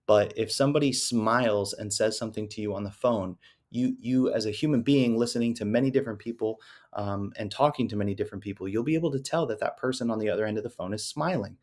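A man's voice: lowish voice, fast talker, a little mellow. A man coaching salespeople in a casual, conversational way, often adding little tag questions. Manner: conversational, often tags "right?" and "you know". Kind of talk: casual instructional talk to camera.

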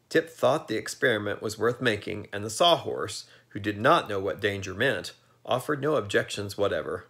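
A man reading a children's storybook aloud in a lively, expressive way. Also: on the low side, normal speed, vocal fry, hardly any pauses. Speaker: narrator.

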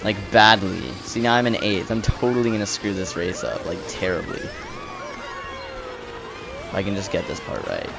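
A young man giving excited, swearing live commentary while playing a racing game, groaning and shouting at rivals. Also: lowish voice, measured pace, gravelly, long pauses, over music. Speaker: let's play gamer.

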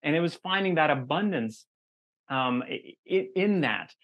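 A man hosting an interview, halting and repeating words, then growing excited. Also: a little high, highs cut off. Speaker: host. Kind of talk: interview conversation.

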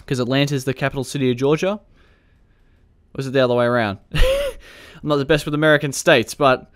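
A man's voice: mid-range voice, steady tone, fairly quick, clear, resonant tone. A man giving chatty gameplay commentary through a police roleplay, joking and laughing often and barking commands at suspects. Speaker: gaming video creator.

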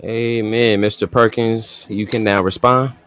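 A man moderating a debate, calmly announcing passages and handing the floor to speakers. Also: lowish voice, unhurried, clear, resonant tone, no echo. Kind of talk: moderating and reading scripture.

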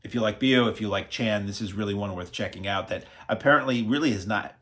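A man talks through a film review in a relaxed, casual way. He is chatty and upbeat, fills pauses with "uh", and drops dry, self-mocking jokes. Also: fairly low pitch.

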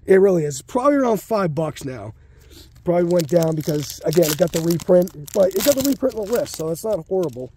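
Dark-toned yet high-pitched and expressive, this man speaks fairly quickly against a little background noise. He's a card-opening channel host at home in his basement, ill and short of breath, giving casual, crude, rambling commentary with mutters under his breath.

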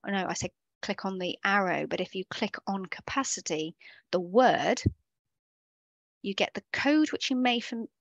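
A woman's voice: mid-range voice, dry recording. Chatty woman teaching a coding workshop. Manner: chatty, explanatory, often self-correcting. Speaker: workshop instructor. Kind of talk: live online coding workshop.

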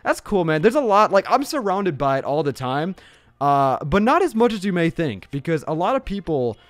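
A young man from Illinois chatting casually as he streams a game live on a boom-arm mic, excitable and shouting during fights. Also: moderate pace, no room sound. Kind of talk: casual live gameplay commentary.

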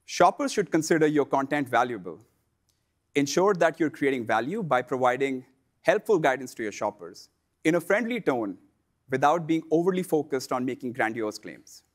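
A man presenting a scripted instructional lesson for online sellers, in a measured, explanatory delivery. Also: medium pitch, animated.

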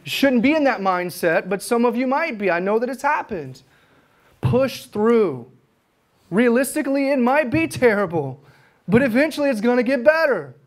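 A man's voice: very high voice, very animated, moderate pace. A man, an evangelist teaching at a conference, telling his stories with fervor. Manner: fervent storytelling, acts out his own prayers.

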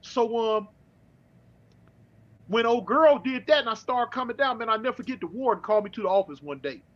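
A middle-aged man from California telling his story in casual street slang, with halting restarts, over a dull remote call. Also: very high voice, expressive. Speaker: guest.

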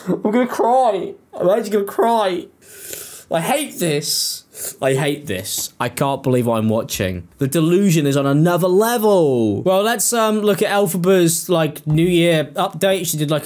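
A man's voice: expressive, moderate pace, a little mellow. Exasperated man ranting. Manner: exasperated sarcastic ranting, leaps into high outbursts. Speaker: commentary host. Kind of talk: reaction commentary.

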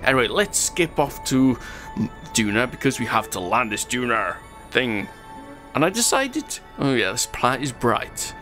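A man's voice: mid-range voice, fairly bright tone. A man hosting a gaming channel, chatting through his gameplay and reading out viewer comments, rambling a little and chuckling at his own jokes.

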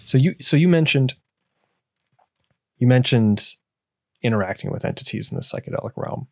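A man's voice: mid-range voice, lively intonation, normal speed, gravelly, darkish tone, dry recording, studio quality. A man hosting a podcast, asking long rambling questions full of fillers. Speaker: podcast host. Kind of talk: conversational interview.

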